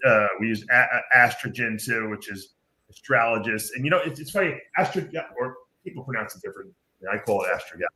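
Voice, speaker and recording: A man's voice: mid-range voice, brisk, bright, forceful tone. A man hosting a podcast, chatting casually and explaining things at length with lots of fillers. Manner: rambling, explanatory, many fillers. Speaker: podcast host.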